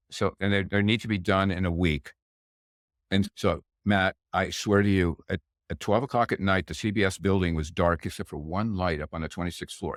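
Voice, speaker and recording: Older man, animated storyteller. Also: deep voice, no echo, studio quality. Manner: animated anecdote teller, acts out quoted voices. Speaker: guest. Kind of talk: casual storytelling chat.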